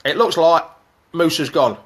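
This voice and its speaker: Chatty male fan-show host, higher voice. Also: a little slow. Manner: chatty, excitable, jokey banter with viewers. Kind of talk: live chat reading viewer comments.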